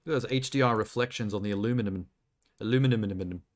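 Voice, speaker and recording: A man's voice: lowish voice, rapid-fire. A young man live-streaming, chatting casually and making crude jokes while browsing trailers. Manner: joking, crude, rambling commentary.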